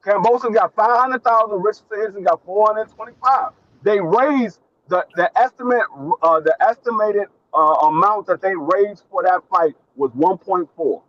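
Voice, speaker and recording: A man's voice: sits high, moderate pace, fairly bright tone, highs cut off, a little hiss or hum. A man co-hosting a casual boxing talk show, insistent, repeating his point over and over. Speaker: boxing podcast co-host. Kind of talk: casual debate chat.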